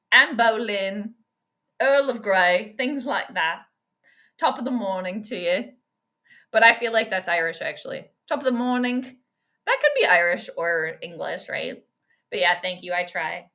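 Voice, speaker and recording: Her slightly high voice carries a casual football-game live stream, where she chats excitedly, laughs frequently, and reads out the chat.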